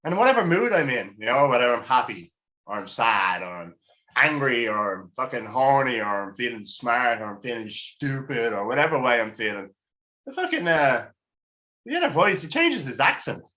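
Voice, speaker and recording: A man's voice: mid-range voice, sing-song, moderate pace, bright, forceful tone, dull audio. A middle-aged man doing a crude, rambling, self-mocking stand-up routine. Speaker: stand-up comedian.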